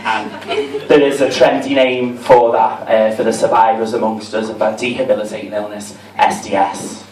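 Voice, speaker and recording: A man's voice: mid-range voice, darkish tone. A man with a Liverpool accent doing a camp, chatty, self-mocking stand-up set in a comedy club. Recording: roomy, distant, with crowd noise.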